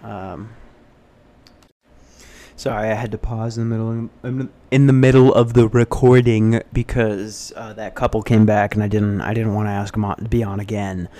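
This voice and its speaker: A young American man hosting a casual solo podcast, rambling and self-deprecating as he tells stories, now and then jumping into high mock voices. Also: steady tone, normal speed, warm tone. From United States. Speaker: podcast host. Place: hotel front desk.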